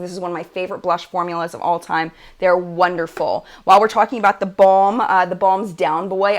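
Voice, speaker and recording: A woman hosting a casual live-stream chat about makeup, gushing and chatty, full of "like" and "oh my gosh". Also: on the low side. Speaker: beauty channel host.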